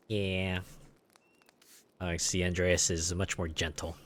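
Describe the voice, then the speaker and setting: A young man streaming a game, giving relaxed, joking commentary, often quiet and under his breath. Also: low-pitched, takes it slowly. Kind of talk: let's-play commentary.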